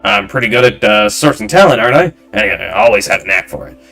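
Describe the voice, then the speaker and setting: A man voicing a loud, arrogant male film director who shouts and talks down to people. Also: on the low side, lively intonation, fast, gravelly, soft background music, heavily acted. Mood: brash, condescending. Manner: shouting, condescending, brash.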